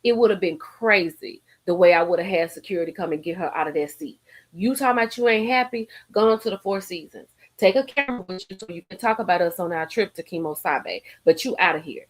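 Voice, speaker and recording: A woman hosting a live stream, ranting in a sassy, profane, animated way with frequent laughter, a little tipsy from drinking. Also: on the low side, quick pace, faint music behind. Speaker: livestream host. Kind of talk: casual live-stream commentary.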